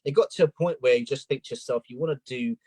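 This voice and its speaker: A man with a London accent, a guest in a live video interview, telling a candid personal story with many pauses and ums. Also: mid-range voice, a little mellow, no room sound, poor audio. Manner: earnest, open, reflective, with many ums.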